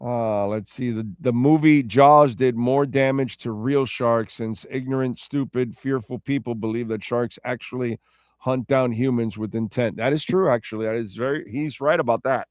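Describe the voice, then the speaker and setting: Guy hosting a talk show, loose rambly chat, mid pitch, dry close sound. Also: moderate pace, a little mellow, smooth, no echo. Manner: rambling and self-correcting, loose and chatty. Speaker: radio show host. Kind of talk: casual sports talk show chat reading listener comments.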